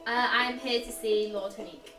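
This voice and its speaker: A woman's voice: on the high side, steady tone, brisk. A woman playing a tabletop game, speaking casually in a giggly, hesitant way. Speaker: player. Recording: distant and roomy, with music behind.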